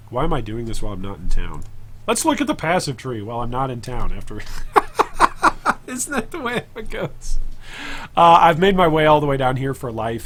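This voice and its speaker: A man's voice: medium pitch, slight background noise. A man streaming a video game live, thinking aloud in a rambling, casual way and chatting with viewers between moves. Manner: thinks aloud, rambling self-talk with chat asides.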